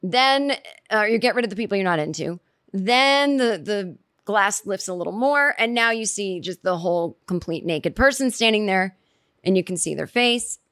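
A woman's voice: mid-range voice, animated, normal speed, fairly bright tone, no room sound, studio quality. A woman telling a casual comic story, rambling and chatty, acting out quoted reactions as she goes.

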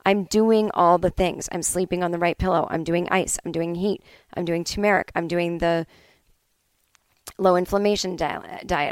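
A woman's voice: lowish voice, dry recording. A woman hosting a solo comedy podcast, telling a candid, chatty story and acting out both sides of a conversation, with some swearing. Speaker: podcast host.

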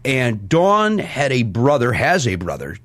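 A man, a podcast guest, telling a story in a casual, animated way, self-deprecating, with many restarts and fillers. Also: medium pitch, unhurried.

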